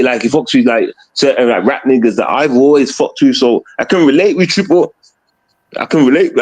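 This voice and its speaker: A man with a Jamaican accent, chatting on a stream, ranting in heavy slang. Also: low-quality recording. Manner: loud, swings high and low in pitch, heavy slang. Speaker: stream co-host. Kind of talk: casual streamed chat.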